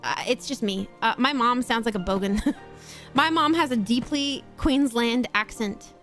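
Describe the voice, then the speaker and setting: Young Australian woman streamer, high voice, rambling chatty talk with casual swearing, faint music underneath. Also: measured pace, a bit bright. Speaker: VTuber streamer. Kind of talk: casual chat while gaming, reading chat aloud. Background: faint background music.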